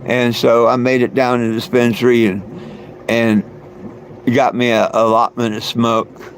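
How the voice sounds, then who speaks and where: Male livestream host, gravelly voice, slow unhurried rambling, lots of fillers and chuckles. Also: mid-range voice, flat delivery, a little hiss or hum. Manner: loose and meandering, many fillers and restarts, chuckles often. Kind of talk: rambling casual livestream chat.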